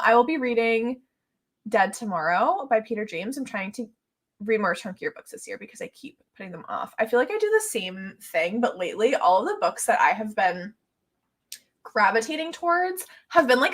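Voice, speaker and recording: A woman's voice: on the high side, a bit bright. A young woman hosting a live reading stream, chatting casually in a bubbly, gushing way and reading viewer comments aloud. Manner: bubbly and gushing, many "like"s and "oh my gosh"s, laughs often. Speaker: booktube live stream host.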